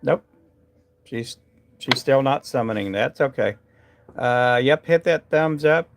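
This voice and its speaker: Tying fishing jigs during a casual live stream, a man chats loosely with viewers, rambling with plenty of fillers and restarts. His voice is medium-pitched and slow, with a noisy background.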